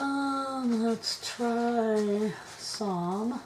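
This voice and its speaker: A woman vlogging her craft work to camera on a tripod, thinking aloud, indecisive, often dropping into soft mutters. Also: a little high, very slow, background noise. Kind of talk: casual crafting chat to camera.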